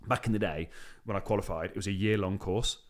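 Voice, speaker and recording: English guy podcasting, talks super fast, lowish voice, lots of restarts. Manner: rapid, emphatic storytelling with frequent fillers and restarts. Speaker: podcast host. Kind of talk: candid personal conversation.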